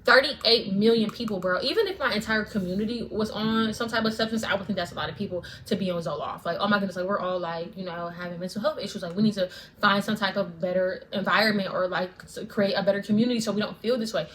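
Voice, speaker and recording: A woman's voice: medium pitch, fast, a bit bright, slight background noise. A woman vlogger ranting straight to camera, fervent and profane, repeating lines for emphasis. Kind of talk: direct-to-camera rant.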